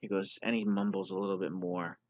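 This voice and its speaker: A man's voice: low voice, flat delivery, brisk, no echo, highs cut off. A man casually telling a personal story on his vlog, candid and self-deprecating. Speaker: vlogger sharing his story.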